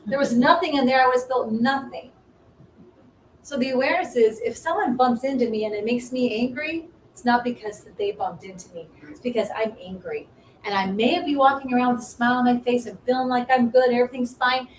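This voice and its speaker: Animated woman host telling stories in a roomy space. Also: on the high side, fairly quick. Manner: animated storytelling, acts out her own past voice. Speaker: ministry host. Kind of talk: casual spiritual talk. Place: room with small live audience. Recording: roomy, distant mic with faint noise.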